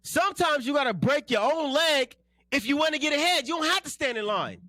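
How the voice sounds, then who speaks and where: High-voiced, fired-up radio ranter. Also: male voice, expressive, fairly quick, pushed and bright, no echo, studio quality. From South Central Los Angeles. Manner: blunt, slangy, ranting. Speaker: radio host and political candidate.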